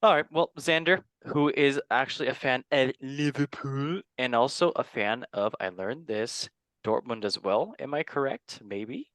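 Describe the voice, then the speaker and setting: A man hosting a casual football podcast, rambling and making fun of himself, often trailing off quietly. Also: medium pitch, measured pace, no room sound. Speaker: podcast host. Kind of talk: casual chat.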